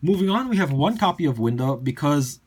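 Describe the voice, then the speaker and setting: A young man casually walking through his card game deck list, chatty and full of fillers and quick asides. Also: a little high, sing-song, slightly rough. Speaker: deck profile presenter.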